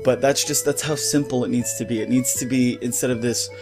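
Brief: male gaming vlogger, mid-range pitch, heated profane rant, studio mic, soft music underneath. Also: fairly even intonation, brisk. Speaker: gaming YouTuber. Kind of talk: ranting vlog commentary. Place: home recording setup. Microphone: studio mic with pop filter.

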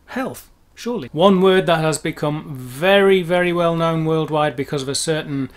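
A man's voice: fairly high pitch, normal speed. A man explaining word pronunciations as a language teacher, careful and wordy with frequent asides. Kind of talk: educational explainer.

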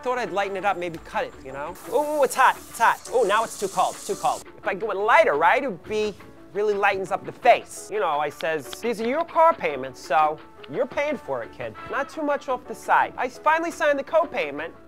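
A man's voice: sits high, big pitch swings, fairly bright tone, soft background music. A man playing a brash gossipy middle-aged mom. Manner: chatty, gossipy, quick to shriek at others. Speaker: comic actor. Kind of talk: comedy sketch acting.

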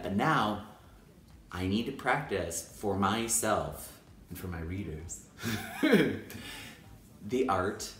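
A young adult male teacher vlogging in an enthusiastic, playful way. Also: a bit bright. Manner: enthusiastic, playful, acts out high-pitched quoted voices. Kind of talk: upbeat casual vlog talk. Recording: echoey room.

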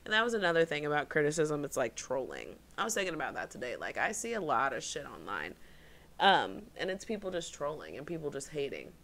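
Woman on a podcast, kinda low and crackly, bright sharp tone, says it straight. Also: huge pitch swings, a little fast. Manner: blunt, swears casually. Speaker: podcast co-host. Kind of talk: casual podcast chat.

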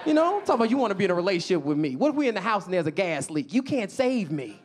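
A young adult from Chicago's south side rattles off his stand-up set in a high-pitched, sing-song voice, rapid-fire with few pauses, against slight background noise. He's onstage at a comedy club before a live audience, voicing characters for laughs.

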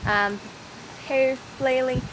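A young woman vlogger chats casually on a windy, rainy outdoor walk, rambling in a scattered, self-deprecating daily vlog. Her voice sits high and steady and moves extremely slowly, with wind and outdoor ambience behind her.

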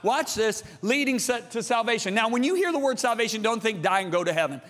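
A man in his sixties preaches with a high, ringing voice that carries long reverb through a big church auditorium. He tells his story to the crowd, calls out to them directly, and swings from loud appeals down to near-hushed passages. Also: lively intonation, fast talker. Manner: calls out to the congregation. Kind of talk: sermon. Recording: long reverb of a large hall.

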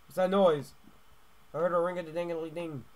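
A young man playing a stealth game and commenting as he goes, jumping between hushed muttering and loud yelps and tacking "mate" onto his lines. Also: on the high side, moderate pace. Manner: excitable, swings from hushed muttering to yelling, keeps adding "mate". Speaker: gaming YouTuber. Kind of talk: let's play commentary.

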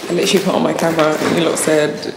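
A woman's voice: sits low, racing, creaky. A young woman talking casually to her viewers in a chatty vlog. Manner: chatty and animated, talks to viewers. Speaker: vlogger. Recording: echoey room with noise.

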